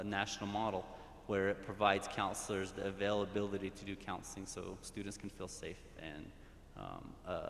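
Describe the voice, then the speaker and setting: A man with a lowish voice speaks earnestly from the floor of a community forum, circling back over his words as he makes his point. The sound is roomy and echoey, with a long hall reverb. A faint rumble sits underneath. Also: fairly bright tone. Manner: earnest, repeats and restarts phrases. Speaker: school counseling official. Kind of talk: audience comment at a community forum. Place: large hall.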